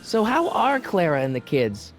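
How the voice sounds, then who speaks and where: A man's voice: high-pitched, wildly swooping pitch. An actor playing a laid-back, curious teenage boy in a video game. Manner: casual, quick reactions. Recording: game audio with faint background music.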